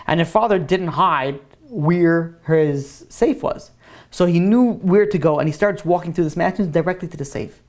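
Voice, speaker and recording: A man's voice: a little high, moderate pace, a little mellow. A man, a rabbi, telling a story in a Torah lesson in a casual way, full of "like" fillers. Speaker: rabbi and teacher.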